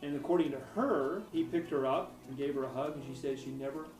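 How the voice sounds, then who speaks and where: A man's voice: medium pitch, steady tone, a little fast. A man being interviewed, recounting personal stories in a rambling, hesitant way. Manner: rambling, hesitant with frequent restarts. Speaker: author interviewee. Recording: roomy, distant mic with faint music.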